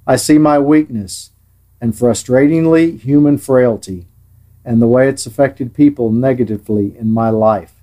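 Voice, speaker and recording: A man preaching a scripted sermon in a measured, earnest way, with dry sarcasm at times. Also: medium pitch, warm tone.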